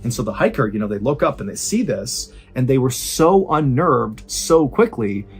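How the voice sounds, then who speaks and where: A man hosting and narrating true scary stories in a suspenseful, conversational way, slowing down for emphasis. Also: medium pitch, big pitch swings, faint music behind. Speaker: storyteller host. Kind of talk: dramatic true-story narration.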